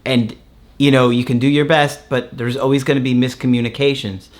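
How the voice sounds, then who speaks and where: A man hosting a casual relationship-advice talk, relaxed and storytelling, with many fillers. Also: medium pitch, a little fast. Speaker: relationship coach and host. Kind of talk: casual podcast chat.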